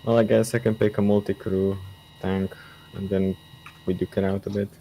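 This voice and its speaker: A man's voice: low voice, flat delivery, moderate pace, mellow, a little hiss or hum, low-quality recording. A man on voice chat who easygoingly asks a fellow player for a match. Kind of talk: casual voice chat.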